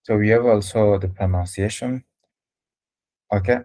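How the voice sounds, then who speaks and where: A man's voice: fairly low pitch, steady tone, moderate pace, warm tone. A man whose first language is French, patiently teaching French letters and sounds in English during a live lesson.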